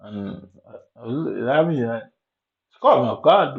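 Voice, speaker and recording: A young man tells a personal story in an easy, unhurried monologue, sprinkling in "innit" and "you get me." His mid-pitched, everyday voice is animated and gravelly, and the recording sounds dull and lo-fi.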